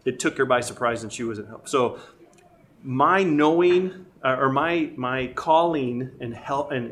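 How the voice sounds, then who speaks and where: A man's voice: medium pitch, fairly bright tone, slight background noise. A middle-aged man telling casual, self-deprecating stories about marriage and parenting, laughing often. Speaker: guest speaker. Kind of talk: casual storytelling about family life.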